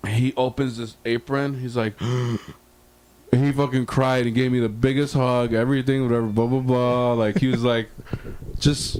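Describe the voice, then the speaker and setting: A man co-hosting a podcast, telling a long, rambling bar story full of swearing in a casual, animated way. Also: mid-range voice, normal speed, slight background noise. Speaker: podcast co-host.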